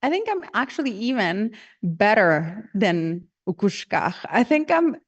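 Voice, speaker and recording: A woman's voice: mid-range voice, moderate pace, no room sound, dull audio, lightly acted. A woman voicing a vain, boastful male macaw lord who brags about himself. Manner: bragging, self-praising.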